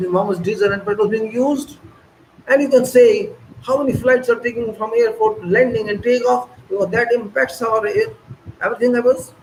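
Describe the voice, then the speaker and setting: A man's voice: very high voice, slight background noise, rough recording. A man with an Indian English accent delivering a scolding, repetitive political monologue. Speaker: political commentator. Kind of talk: ranting monologue.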